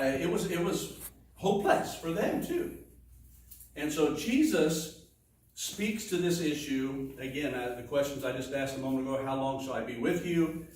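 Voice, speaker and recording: A man preaching a sermon in a conversational teaching manner, with asides and restarts. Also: a little high. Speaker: pastor. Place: church sanctuary. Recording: echoey room, distant mic, faint noise.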